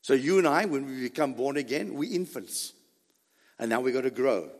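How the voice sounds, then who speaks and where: Male pastor, sermon, emphatic preacher with dramatic pauses and an animated delivery. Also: medium pitch, in a large hall.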